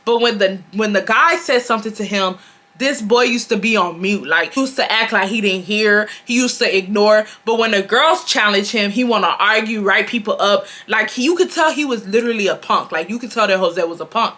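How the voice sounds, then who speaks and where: A woman, telling a casual storytime in a chatty, filler-heavy, animated way. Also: mid-range voice, fairly quick. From Houston, Texas. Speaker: YouTuber.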